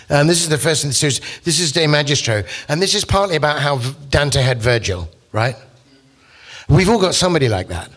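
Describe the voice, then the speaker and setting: A man's voice: a little high, fairly bright tone. A man, a poet and musician, giving a casual, rambling talk full of asides. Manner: chatty and rambling, with frequent asides and restarts. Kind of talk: casual lecture and poetry talk.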